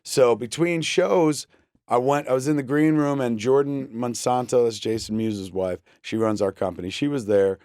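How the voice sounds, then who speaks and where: A man in his forties, a guest on a talk show, tells a story in a casual, profane way, animatedly acting out what people said. His mid-range voice is smooth and at normal speed, recorded on a studio microphone with no room sound.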